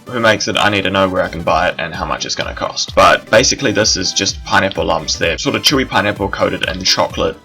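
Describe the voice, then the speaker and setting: A man's voice: sits low, fast, creaky, hardly any pauses, sharp tone, soft background music. A young man with a New Zealand accent, vlogging in a chatty, rambling way with fillers and restarts. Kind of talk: casual talk to camera.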